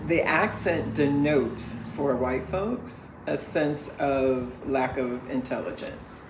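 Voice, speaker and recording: Middle-aged woman, podcast co-host, measured and emphatic, roomy echo, light hiss. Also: very deep voice. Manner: measured, emphatic, explains at length. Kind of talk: casual family podcast chat. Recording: echoey room, faint background hiss.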